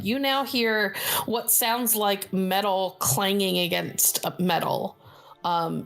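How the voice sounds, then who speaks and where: A woman's voice: medium pitch, gravelly, fairly bright tone. A woman narrating a tabletop role-playing game as game master, describing scenes with many fillers.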